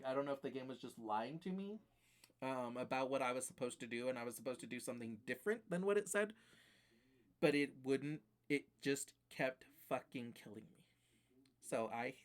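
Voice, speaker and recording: A man's voice: mid-range voice, moderate pace, pauses often. A man streaming live, ranting casually and profanely about games that beat him, rambling with fillers.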